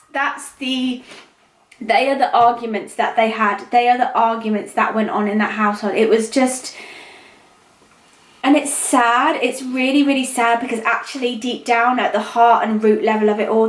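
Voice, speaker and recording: A woman's voice: a little high, fairly even intonation, normal speed. Emotional rambling woman in echoey room. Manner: emotional, rambling, repeats words. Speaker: tarot reader. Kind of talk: casual psychic reading monologue.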